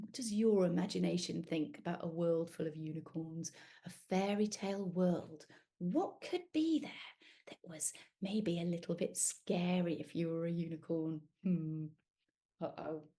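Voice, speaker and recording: Lively woman reading a story to children. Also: medium pitch. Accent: British. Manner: animated, sing-song, asks the children questions. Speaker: children's author reading aloud. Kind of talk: interactive picture-book storytelling for young children.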